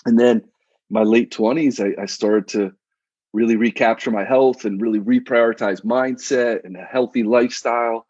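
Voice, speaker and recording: A man's voice: mid-range voice, steady tone, moderate pace, darkish tone, breathy edge, no room sound, dull audio. A man in his thirties, a coach and guest on a casual podcast, talking in a laid-back, slangy way with frequent restarts.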